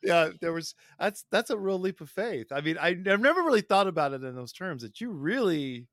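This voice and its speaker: A man's voice: sits high, lively intonation, a little fast, a bit bright, no room sound, clean studio sound. A male podcast host with a Midwestern American accent, affirming and emphatic as he talks with his guest. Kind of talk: interview conversation.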